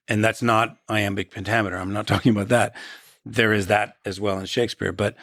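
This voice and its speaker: Man, actor guest, gravelly, husky, low-ish voice, measured storyteller, dry close sound. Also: fairly bright tone, no echo. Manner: measured, storytelling, restarts phrases. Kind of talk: reflective interview talk.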